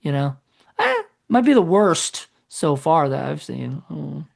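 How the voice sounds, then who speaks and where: A man's voice: on the high side, very animated, takes it slowly, vocal fry. A man co-hosting a podcast in casual chat, rambling and correcting himself as he goes. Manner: rambling, self-correcting, trails off. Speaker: podcast co-host.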